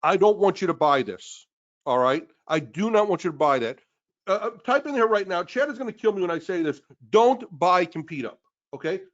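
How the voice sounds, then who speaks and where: A man with a high-pitched voice co-hosts a live webinar sales pitch. He persuades emphatically, circling back over the same points again and again. The recording sounds dull and lo-fi. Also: animated, a little fast. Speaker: webinar co-host.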